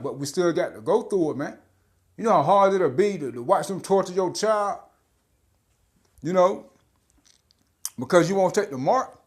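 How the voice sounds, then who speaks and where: A man preaching informally, blunt and profane, often stammering on filler sounds and repeating "man" and "all right?". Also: high voice. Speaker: street preacher.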